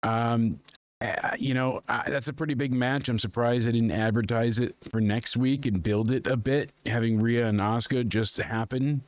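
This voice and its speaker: A man's voice: mid-range voice, steady tone, moderate pace, dry recording. A man hosting a casual wrestling recap podcast, talking in a rambling, conversational way with plenty of fillers. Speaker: podcast host.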